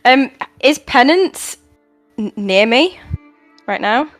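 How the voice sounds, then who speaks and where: A woman's voice: high voice, animated, takes it slowly, dry recording, soft background music. A woman playing a tabletop game, chatting hesitantly about her character's moves. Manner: hesitant, chatty, laughs easily. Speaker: player. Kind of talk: casual play at a tabletop game.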